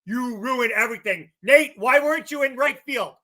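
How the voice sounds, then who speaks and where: A man co-hosting a sports podcast, ranting angrily about baseball with profane, shouted bursts. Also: extremely high pitch, moderate pace. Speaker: podcast co-host. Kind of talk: heated sports rant.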